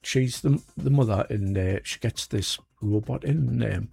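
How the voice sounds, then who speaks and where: A man's voice: lowish voice, measured pace, creaky, mellow, breathy edge, faint music behind. A man co-hosting a radio show, chatting casually and rambling with lots of fillers. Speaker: radio co-host. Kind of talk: casual chat.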